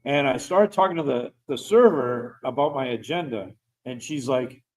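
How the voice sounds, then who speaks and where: A man's voice: mid-range voice, moderate pace, low-quality recording. A middle-aged man, a veteran guest, telling a personal story in a casual, rambling way. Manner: rambling, animated storyteller who laughs while talking.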